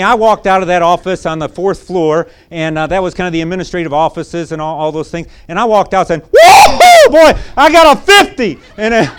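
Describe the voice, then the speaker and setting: A man's voice: high voice, clear, resonant tone. A man preaching a sermon, telling a folksy personal story in a repetitive, conversational way before turning to emphatic preaching.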